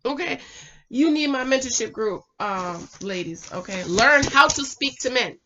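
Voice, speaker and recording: A woman in her thirties hosting her own channel, chatting like a girlfriend as a relationship mentor and often dropping to a soft, calm voice. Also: a little slow, lo-fi sound, background noise. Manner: chatty, sisterly, drops to a soft low voice to demonstrate. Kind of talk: casual chat to camera.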